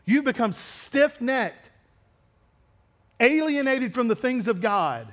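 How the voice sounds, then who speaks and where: Male pastor, high-pitched, preaching bluntly to a congregation. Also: animated, slow pace. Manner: blunt, confrontational preaching that drops to quiet asides. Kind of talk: sermon. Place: church sanctuary.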